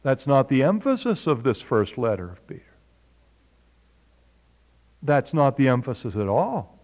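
A man's voice: mid-range voice, very animated, a little slow, darkish tone, big-room sound. A man teaching a Bible study in a conversational way, asking his listeners questions. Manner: conversational, asks the audience questions. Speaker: preacher.

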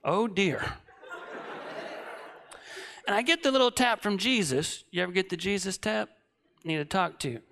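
Man, late thirties, preacher, sermon storytelling, animated, bright. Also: high voice, a little slow, creaky, pauses often. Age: 30s. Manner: animated, swinging from shouting to hushed.

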